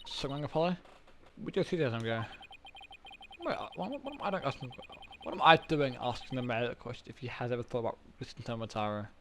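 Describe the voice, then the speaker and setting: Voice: mid-range voice, expressive, fairly quick, background noise. A streamer giving casual, self-mocking commentary while playing a game. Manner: self-mocking, muttering asides.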